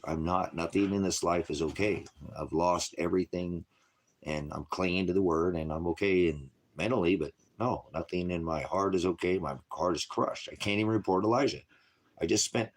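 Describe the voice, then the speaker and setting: A middle-aged man giving an informal sermon, rambling and blunt, swinging from quiet talk to loud, forceful preaching. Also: on the low side.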